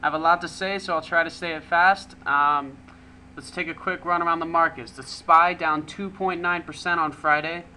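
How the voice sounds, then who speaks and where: A man with a fairly high, bright and forceful voice hosts a weekend market review. He talks quickly through the charts and often restarts with ums. A faint hiss sits under the recording. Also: steady tone, poor audio. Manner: brisk, with frequent ums and restarts. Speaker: market analyst host. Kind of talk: casual market commentary over charts.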